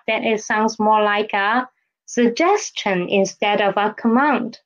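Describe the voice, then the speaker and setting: A woman's voice: medium pitch, a little slow, highs cut off. A woman teaching a language lesson, patiently repeating each word and checking in with the listener. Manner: patient, repeats words and checks with "okay?" and "right?". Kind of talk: slow step-by-step lesson.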